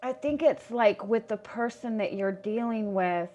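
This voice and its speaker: A hoarse woman, losing her voice, giving a casual tarot reading in a halting way, restarting her words and filling with "like". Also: on the high side, dark tone, muffled recording, faint music behind. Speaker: tarot reader.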